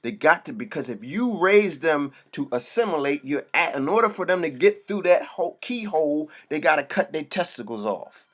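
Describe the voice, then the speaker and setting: A man's voice: on the high side, lively intonation, normal speed, hardly any pauses, a bit bright. A man delivering an impassioned, profane monologue. He talks bluntly and preaches in short bursts.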